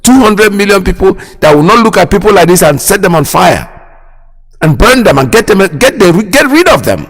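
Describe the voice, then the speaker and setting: Nigerian guy on his radio show ranting, kinda high voice, keeps repeating himself, big echoey reverb tail. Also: very animated, moderate pace, husky. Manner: indignant, repeats phrases, asks sharp rhetorical questions. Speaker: radio host. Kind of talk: impassioned political commentary. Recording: long hall reverb.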